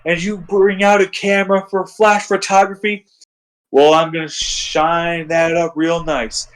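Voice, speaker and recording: A man doing an impression of a boastful male pro wrestler, drawing out shouted catchphrases and trash-talking. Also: on the high side, flat delivery, a little slow, close to an everyday voice, rough recording. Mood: cocky.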